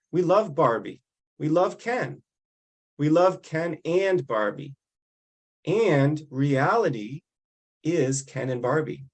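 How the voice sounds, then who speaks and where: A man with a Midwestern accent reading a prepared text aloud in a measured, deliberate way. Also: on the high side, creaky. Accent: Midwestern American. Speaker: reader of the weekly text.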